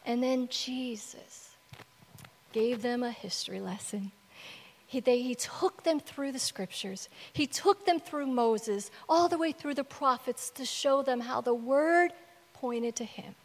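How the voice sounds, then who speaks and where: A woman's voice: sits high, unhurried, big-room sound. A woman preacher delivering a sermon, retelling scripture in an emphatic storytelling manner. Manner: storytelling, emphatic with varying loudness.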